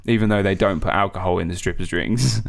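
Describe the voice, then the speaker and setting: A man's voice: low-pitched, brisk, creaky. Young man in laughing banter. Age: 20s. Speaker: podcast co-host. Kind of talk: casual chat.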